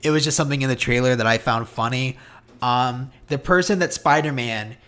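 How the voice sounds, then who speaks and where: Excitable young man chatting about games. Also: mid-range voice, brisk. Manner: excitable, rambling with fillers. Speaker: podcast co-host. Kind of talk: casual chat about video games.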